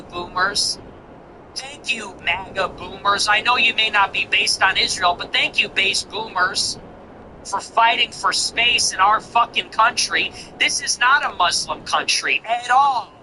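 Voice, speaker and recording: A man's voice: sits high, noisy background. A male host delivering a heated, profane, mocking monologue. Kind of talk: ranting monologue.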